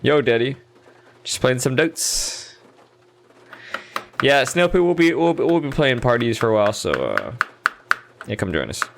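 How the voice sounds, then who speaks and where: A man's voice: mid-range voice, very animated, unhurried, vocal fry, pauses often, slight background noise. A man streaming a game, chatting casually and thinking aloud in a laid-back, rambling way. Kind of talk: casual chat while gaming.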